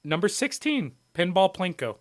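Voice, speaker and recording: A man's voice: high-pitched, big pitch swings, normal speed, dry recording, studio quality. A young man co-hosting a podcast, talking in a loose, joking way with a lot of swearing and laughter. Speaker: podcast co-host. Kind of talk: casual chat.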